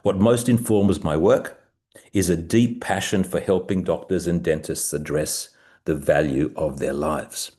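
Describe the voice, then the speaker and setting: Older Australian male presenter, very low pitch, croaky, measured and rhetorical, video call. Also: fairly even intonation, dark tone. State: croaky from the early hour. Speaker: webinar presenter. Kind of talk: business webinar presentation. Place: home at night.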